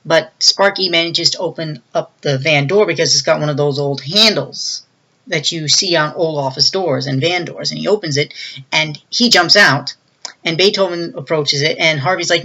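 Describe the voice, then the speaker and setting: A bright, crisp voice telling a film's story from start to finish in a loose, chatty way. The reviewer rambles with plenty of fillers and slips into livelier, higher tones to act out what the characters say. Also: moderate pace. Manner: retells scenes, acting out quoted lines in a raised voice. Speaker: movie reviewer. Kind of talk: casual plot recap.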